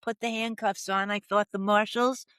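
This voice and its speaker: As a guest on a storytelling podcast interview, an older professional coach recounts her story with drama, performing the voices she quotes. She speaks at a moderate pace with a medium pitch, fairly even intonation, and a clear, resonant, fairly bright tone, recorded dry.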